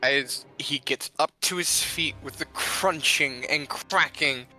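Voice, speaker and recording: Man, game master, slow deliberate narration, bright voice. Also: fairly high pitch, soft background music.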